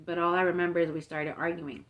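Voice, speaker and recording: A woman's voice: lowish voice, flat delivery, quick pace, dull audio. A young woman vlogger telling a long story in a casual, chatty way, swearing freely and peppering it with fillers. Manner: chatty, profane, filler-heavy retelling.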